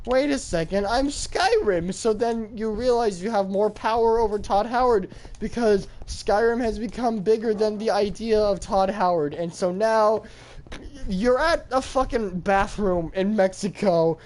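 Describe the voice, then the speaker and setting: A young man streaming from home, rambling through a profane, absurd made-up story and jumping into high yelps when he does voices. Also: fairly even intonation, unhurried, a little mellow, poor audio.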